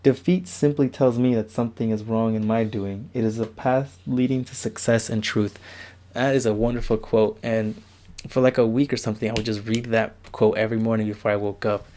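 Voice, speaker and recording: Warm and fairly low-voiced, this young vlogger talks briskly and steadily as he shows off his bedroom walls. It's a loose, self-deprecating ramble captured on his camera's microphone.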